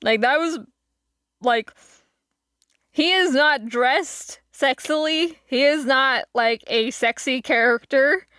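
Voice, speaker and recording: A woman live-streamer talks casually to her viewers at an unhurried pace, drifting from thought to thought with plenty of fillers. Her voice is bright and higher than most, smooth and clear. The sound is dry and close. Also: dry recording. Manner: rambling, lots of fillers and laughing asides.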